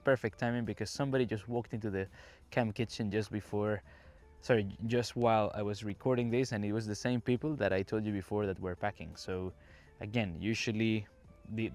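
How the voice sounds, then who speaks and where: Fairly low in pitch, steady in tone and fairly quick, this man's voice belongs to a Caribbean English teacher hosting a relaxed podcast. He records on his phone while walking around an outdoor campsite, chatting and explaining directly to his audience.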